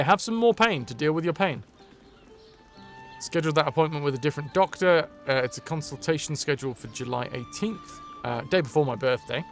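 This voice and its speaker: A man streaming a video game, chatting and joking in a rambling, casual way. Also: medium pitch. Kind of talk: casual live commentary.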